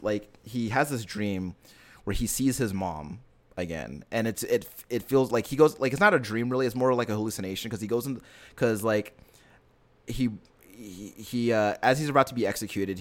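A man in casual chat, retelling a story earnestly in a rambling way with lots of fillers and restarts. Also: lowish voice. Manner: earnest and emotionally invested.

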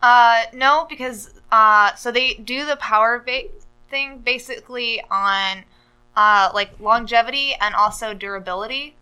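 A woman's voice: on the high side, measured pace, pushed and bright, smooth, poor audio. A woman on a podcast, chatting casually and rambling with lots of "uh" and "like". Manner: rambling, full of "uh" and "like". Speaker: podcast co-host. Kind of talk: casual chat.

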